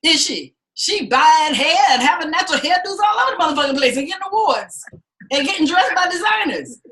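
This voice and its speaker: A woman's voice: extremely high pitch, animated, brisk, bright, forceful tone. A woman teaching an acting class, telling blunt, profane stories and acting out the people she quotes. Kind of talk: class talk to students.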